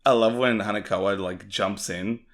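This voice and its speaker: A man with a very low voice co-hosts a casual discussion podcast. He gushes with enthusiasm, swears freely and strings thoughts together with plenty of filler words. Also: steady tone, moderate pace. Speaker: podcast co-host.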